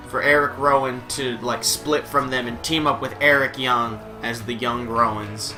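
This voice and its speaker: A man giving casual, rambling gameplay commentary on his own, profane and joking, with asides to his dog. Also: medium pitch. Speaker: video game commentator.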